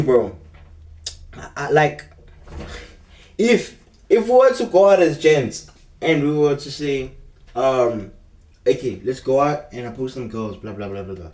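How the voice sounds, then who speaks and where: A young man with a South African accent, rambling through a casual storytime in slangy street talk. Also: mid-range voice. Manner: rambling and slangy, keeps calling the viewer bro. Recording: echoey room, mic at a distance.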